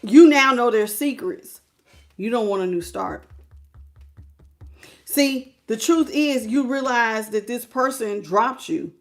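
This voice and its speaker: A woman's voice: fairly high pitch, lively intonation, takes it slowly, long pauses. A woman giving a live tarot reading, talking casually with her viewers, greeting them by name and laughing often. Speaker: tarot reader.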